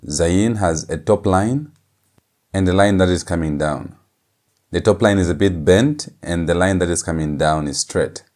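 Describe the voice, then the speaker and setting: A man teaching a language lesson, saying each letter sound over and over in a drawn-out, patient way. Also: deep voice, a little mellow. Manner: repeats each sound several times, drawn out. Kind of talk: slow lecture on letter pronunciation.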